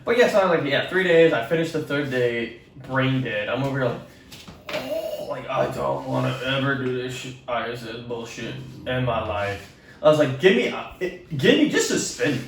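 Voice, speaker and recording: Animated, profane young man, echoey room. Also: medium pitch, moderate pace, gravelly, recorded from a distance, slight background noise. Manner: rambling, profane, animated retelling. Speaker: podcast co-host. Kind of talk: casual storytelling chat.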